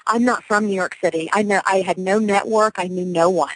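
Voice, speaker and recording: A self-assured woman in her forties, originally from Louisiana, speaks as a radio guest at a middle pitch. Her talk is energetic, coming in quick bursts with some restarts, and the recording is close and dry, with no room sound. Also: dry recording, low-quality recording. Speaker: guest, real estate broker. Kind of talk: radio interview.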